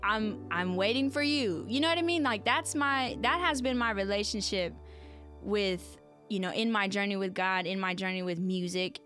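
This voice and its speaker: A woman's voice: mid-range voice, normal speed, a bit bright, faint music behind. A woman hosting a podcast, talking earnestly and conversationally and often turning to address her listeners directly. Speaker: podcast host. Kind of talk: reflective solo podcast talk.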